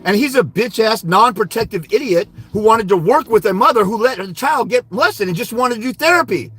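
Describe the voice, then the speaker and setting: This man hosts a fathers' rights livestream and tells a heated story about a client, full of swearing and insults, as an angry monologue. His voice sits high and sounds animated and a bit bright, with a breathy edge, and his delivery is brisk.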